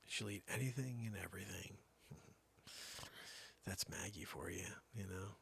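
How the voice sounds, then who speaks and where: Gravelly man telling comic tall tales. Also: low-pitched, slow pace, fairly bright tone, in a whisper. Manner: tall-tale storytelling with theatrical voice jumps. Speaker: comedy show host. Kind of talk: rambling comic monologue.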